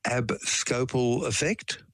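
A man chats casually, breaking down medical terms with homely examples and spinning a case story. His voice sits in a middle pitch, recorded close and dry with no room sound. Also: expressive, slow pace, no room sound, rough recording. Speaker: science explainer. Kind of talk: casual chat.

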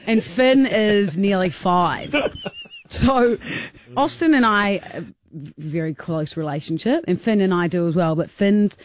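A woman's voice: unhurried, no room sound. A young woman co-hosting a radio show, telling a story in casual banter and laughing often as she acts out what people said. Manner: animated, acts out quotes with high squeaky voices, laughs often. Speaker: radio co-host.

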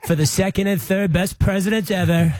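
A man doing an impression of a brash, boastful older American male politician, drawing his words out slowly. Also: steady tone, a little mellow, natural voice. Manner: slow, drawn-out, raised pitch delivery.

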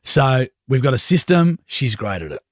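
Australian male radio co-host, young, husky, dry close sound, casual yarn-spinning. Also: mid-range voice, big pitch swings, moderate pace, no room sound. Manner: laid-back storytelling with laughs.

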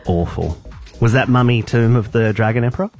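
A man's voice: medium pitch, normal speed, faint music behind. A man co-hosting a radio show, making wry jokes in casual banter. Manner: wry, joking, lively. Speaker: radio co-host.

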